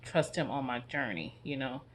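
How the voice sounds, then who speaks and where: Earnest, halting man vlogging. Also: medium pitch, expressive, slight background noise. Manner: soft-spoken, halting, earnest and confessional. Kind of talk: personal reflective vlog.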